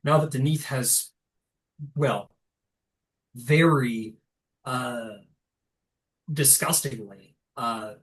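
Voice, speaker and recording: A man's voice: mid-range voice, very slow, pauses often, a bit bright, rough recording. A man voicing a scheming noble baron, persuasive and businesslike in a fantasy game.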